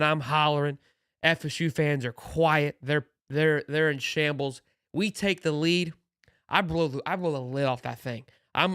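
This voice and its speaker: A man hosting a casual sports show, telling stories in a rambling, excitable way with frequent laughs. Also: a little high, clean tone, no room sound, clean studio sound.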